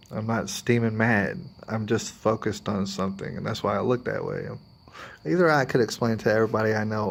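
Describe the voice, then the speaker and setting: An adult man with a daughter talks to camera in a vlog, rambling and confiding about himself and sometimes quoting others in put-on voices. His voice sits on the low side with vocal fry.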